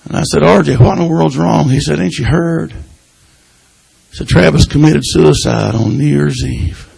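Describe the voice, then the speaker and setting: Gravelly preacher, folksy. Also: male voice, on the high side, a little slow, poor audio. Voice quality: gravelly, husky. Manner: folksy, breaks in with hallelujahs, swings from loud to hushed. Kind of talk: informal country sermon.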